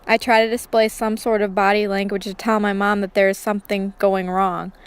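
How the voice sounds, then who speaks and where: A woman's voice: medium pitch, flat delivery, brisk, smooth. A woman reading a first-person realistic fiction story aloud, voicing the characters' lines lightly in her own voice.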